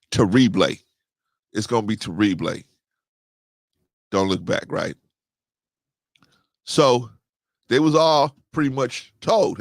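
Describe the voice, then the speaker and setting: Casual comic host, male, animated swings in pitch, dry mic. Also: no echo. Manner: animated, joking, laughs often; preachy storytelling with sudden pitch jumps. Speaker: livestream host reading scripture. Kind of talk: casual comic Bible commentary.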